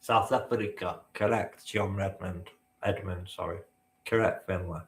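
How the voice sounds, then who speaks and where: A man's voice: low-pitched, big pitch swings, a little slow, fairly bright tone, reverberant. A man hosting a live-stream quiz, bantering with the chat and swearing now and then. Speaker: quizmaster.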